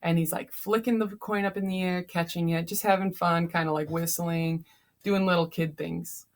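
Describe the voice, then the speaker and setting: Tired, gravelly woman teacher. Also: on the low side, steady tone, moderate pace. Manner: chatty, frequent fillers. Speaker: teacher summarizing a novel. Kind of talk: casual lesson summary.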